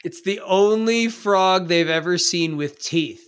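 A man narrating as game master of a tabletop game, playful and quick to laugh. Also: sits high, a bit bright, clean tone.

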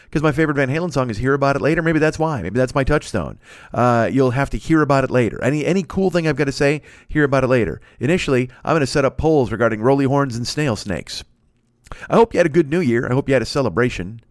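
A man's voice: medium pitch, no echo, studio quality. A man in his forties hosting a solo podcast, rambling, swearing freely and poking fun at himself while he records alone. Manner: rambling, profane, self-mocking. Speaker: podcast host. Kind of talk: casual solo podcast chat. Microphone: studio microphone.

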